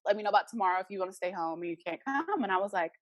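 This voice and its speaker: A woman's voice: mid-range voice, lively intonation, very fast, no echo. A young adult woman, a podcast guest, earnestly telling a personal story and acting out the remembered dialogue.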